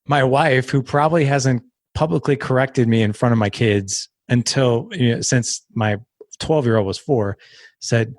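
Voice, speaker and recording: A man in his thirties, a guest on a podcast, telling a personal story in casual talk and acting out quotes with sudden jumps in pitch. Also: moderate pace, no echo, clean studio sound. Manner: animated, acts out quotes with sharp pitch jumps. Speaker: podcast guest, founder of a fathers' community.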